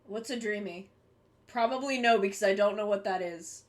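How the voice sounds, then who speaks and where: A young woman talks to her stream chat as she draws, rambling from one thought to the next with casual swearing. Her voice sits in an ordinary middle pitch, close to a desk mic. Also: normal speed. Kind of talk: casual live-stream chat while drawing.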